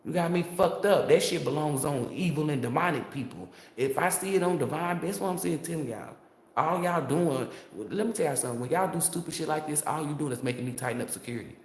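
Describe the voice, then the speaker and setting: A man's voice: on the high side, fairly quick. Heated, profane man ranting in an echoey room. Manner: heated, profane, rambling rant. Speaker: tarot reader. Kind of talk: tarot reading monologue.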